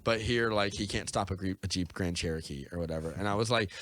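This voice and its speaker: A man's voice: deep voice, quick pace, a bit bright, a little hiss or hum. A young man co-hosting a podcast, chatting casually in a rambling way full of fillers. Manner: rambling, lots of "like" and "or whatever". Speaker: podcast co-host. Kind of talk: casual chat.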